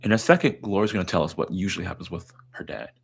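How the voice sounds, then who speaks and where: A man's voice: sits low, fast talker, gravelly, breathy edge. A man, a therapist, giving emphatic commentary on a therapy film clip. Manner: emphatic, explanatory. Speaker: therapist and educator.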